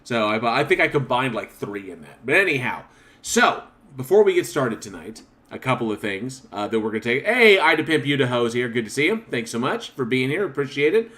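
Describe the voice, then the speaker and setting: Laughing podcast host reading chat. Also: male voice, mid-range voice, very animated, fairly quick, a bit bright. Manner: reads chat comments aloud, laughs often. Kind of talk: casual chat.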